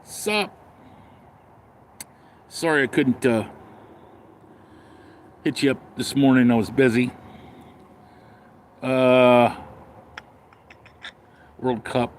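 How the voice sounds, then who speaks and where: Slow-talking sarcastic man ranting. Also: mid-range voice, slight background noise. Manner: blunt, sarcastic, rambling. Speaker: live streamer reading comments. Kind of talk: casual livestream rant.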